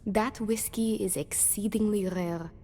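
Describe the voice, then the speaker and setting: An actress with a French accent playing a worried woman who wants to patch things up, speaking in an earnest, measured way. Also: medium pitch, steady tone, mellow, slight background noise, lightly acted. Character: worried woman seeking a reconciliation.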